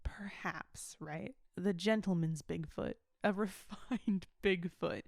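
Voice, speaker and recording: A woman co-hosting a comedy podcast over a video call, playful with deadpan asides. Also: lowish voice, slow, creaky, no echo, clean studio sound. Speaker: podcast co-host. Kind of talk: casual comedic chat.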